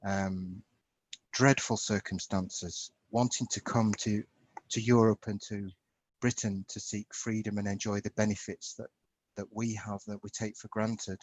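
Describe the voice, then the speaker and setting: A man speaking as a guest over a video call, thoughtful and hesitant, pausing to search for words. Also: on the low side, level tone, low-quality recording. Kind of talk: live-stream discussion.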